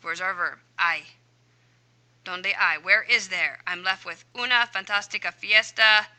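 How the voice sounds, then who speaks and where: A woman Spanish teacher explaining a homework answer key, chatty and thinking out loud as she works through each question. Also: mid-range voice, measured pace, rough recording. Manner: chatty, talks herself through each step aloud.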